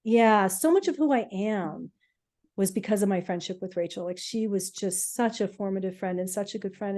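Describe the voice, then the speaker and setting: A middle-aged woman, a podcast co-host, telling her own healing story in an emotional, halting way with many fillers. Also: mid-range voice, a little mellow. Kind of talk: casual personal storytelling.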